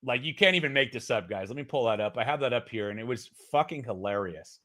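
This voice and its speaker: A man hosting a casual live-stream news commentary, excitable, swearing and laughing as he talks. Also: mid-range voice, quick pace. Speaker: host of a political news stream. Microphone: streaming setup mic.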